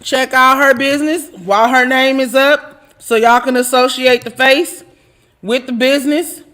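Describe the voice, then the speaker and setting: A woman's voice: high-pitched, fairly even intonation, moderate pace, fairly bright tone. A woman hosting a live online talk show, joking and affectionate with her viewers as she signs off, laughing often. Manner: churchy, affectionate toward viewers. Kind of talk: casual live-stream sign-off chat.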